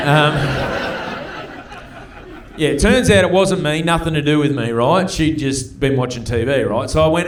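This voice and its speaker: A man in his forties with an Australian accent doing live stand-up comedy, chatty and profane, often checking in with the crowd with quick asides. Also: mid-range voice, animated. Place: comedy club stage. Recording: roomy live club sound from a distance.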